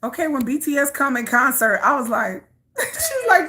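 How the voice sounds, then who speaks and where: Animated, laughing young woman vlogger. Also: slow, long pauses, a little hiss or hum. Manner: animated, laughing, swings from squeals to low mutters. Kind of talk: casual chat while walking.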